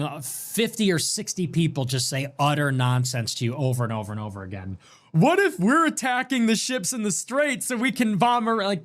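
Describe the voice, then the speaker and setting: Sarcastic, animated male streamer. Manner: sarcastic, mocking, swings between loud outbursts and low mutters. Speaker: livestream host. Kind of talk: livestream commentary reading super chats.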